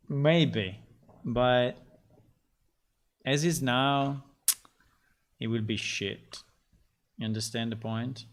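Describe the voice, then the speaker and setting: Guy on a dev livestream, real slow, lots of ums and restarts, middle pitch. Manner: halting, repeats himself, many fillers. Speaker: game developer livestreaming. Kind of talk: casual livestream talk while coding.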